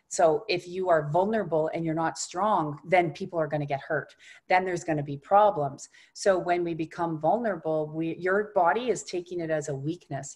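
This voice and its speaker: A woman guiding an energy-healing session, speaking softly and reassuringly, often dropping to a hushed tone. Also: low voice. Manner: unhurried, reassuring coaching. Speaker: energy healer.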